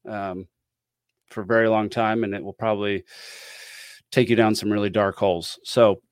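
A man with a slightly low voice talks off the cuff as a podcast host, rambling and wry, trailing off into ums and small laughs. The sound is dry and close, with no room echo. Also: steady tone, normal speed, clean tone. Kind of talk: casual commentary.

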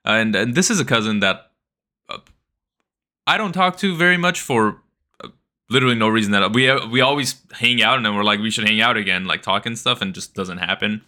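A man's voice: on the low side, fairly quick, pushed and bright. A man co-hosting a podcast, telling a rambling story in casual chat with lots of fillers. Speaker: podcast co-host.

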